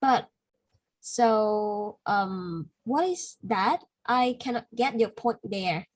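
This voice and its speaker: A woman's voice: medium pitch, extremely slow, rough recording. A woman with a Vietnamese accent, a non-native English speaker, tutoring a student one-to-one, correcting him patiently with many fillers.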